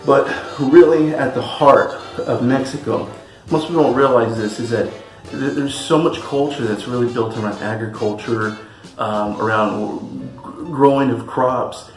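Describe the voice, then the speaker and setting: A man's voice: medium pitch, measured pace. Chatty, enthusiastic man in an echoey room. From California. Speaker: spirits reviewer. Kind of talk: casual tasting review. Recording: echoey room with faint music.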